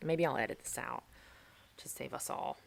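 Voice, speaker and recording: A young woman with a low, deep-set voice chats casually to her camera as she works on a craft. She talks in an upbeat way and pokes fun at herself. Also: moderate pace, gravelly. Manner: chatty, self-mocking, upbeat. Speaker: vlogger. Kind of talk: casual chat while crafting.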